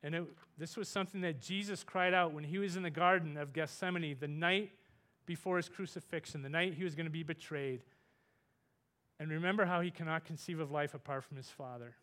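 A man preaching a sermon, earnest, rising loud for emphasis and dropping soft on tender points. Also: brisk. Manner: earnest, rises in pitch and volume for emphasis, softens for tender points.

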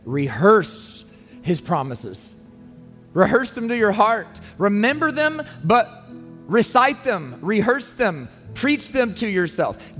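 Pastor guy preaching, earnest and pleading, slightly high voice, long echo in the church, soft music behind. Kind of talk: sermon. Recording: long reverb, faint music underneath.

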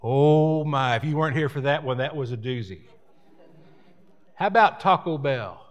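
A man's voice: mid-range voice, lively intonation, moderate pace, highs cut off. A man preaching a sermon as pastor, folksy and rambling, with repeated words and chatty asides.

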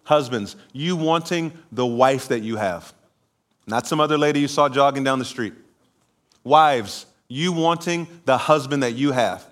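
A man preaching a sermon in church, telling a lively personal story with laughter before calling the congregation to respond. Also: mid-range voice, a little slow. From California. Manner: animated storytelling, laughing at himself, then preaching and calling for amens. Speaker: pastor. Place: church sanctuary.

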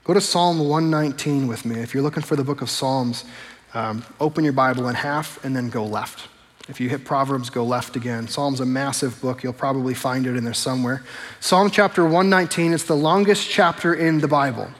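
A man preaching a sermon as pastor, talking in a relaxed, conversational way and slowing down to stress the scripture he quotes. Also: medium pitch. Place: church sanctuary. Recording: long hall reverb.

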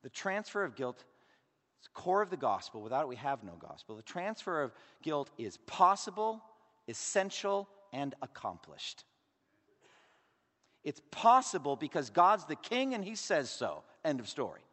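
A man preaching a sermon with emphatic rhetorical questions, swinging from loud declarations down to hushed asides. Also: fairly high pitch, very animated, normal speed. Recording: long hall reverb.

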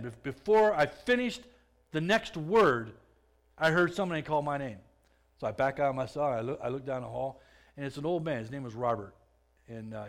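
A man giving a personal testimony in a conversational way, often restarting his words and growing louder as the story builds. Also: mid-range voice. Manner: conversational, repeats and restarts words, swells louder when excited.

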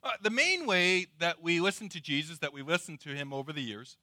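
A middle-aged man preaching a sermon, dramatic and swinging between loud emphasis and hushed, drawn-out words. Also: on the high side, expressive, dry recording, studio quality. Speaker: pastor.

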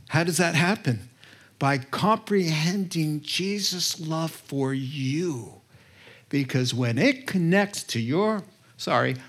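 A man preaching a sermon as pastor, telling stories expressively with his voice climbing high at emotional moments and making self-deprecating asides. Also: fairly bright tone.

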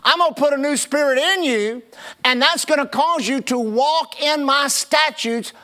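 High-voiced man preaching. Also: normal speed, sharp tone. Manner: preaching with call-outs to the congregation. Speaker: pastor. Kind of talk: sermon.

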